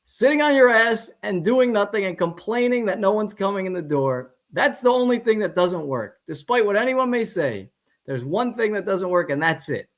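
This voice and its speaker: Guy chiropractor giving a pep talk, kinda higher voice, keeps repeating stuff for emphasis. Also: lively intonation, normal speed. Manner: emphatic, repeats phrases for stress. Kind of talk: motivational talk to fellow chiropractors.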